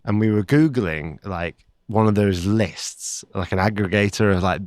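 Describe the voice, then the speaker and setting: A man co-hosting a travel podcast, telling stories in a relaxed, chatty way. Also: low voice, unhurried, hardly any pauses, dry recording, studio quality. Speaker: podcast co-host. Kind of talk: casual chat.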